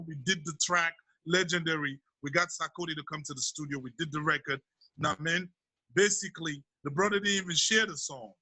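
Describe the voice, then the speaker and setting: A man from Sierra Leone talks through an interview about his rap career, easygoing and conversational. His voice sits high and very bright. The sound is close and dry. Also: no room sound, rough recording. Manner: laid-back, peppers speech with "you know what I mean". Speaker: rapper being interviewed. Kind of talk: casual interview talk.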